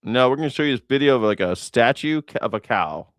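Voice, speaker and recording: A man's voice: animated, quick pace, dry recording, clean studio sound. A man hosting a political news reaction show, sarcastic and profane, mocking his targets. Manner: sarcastic, profane, mocking, swings into falsetto parody. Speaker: host.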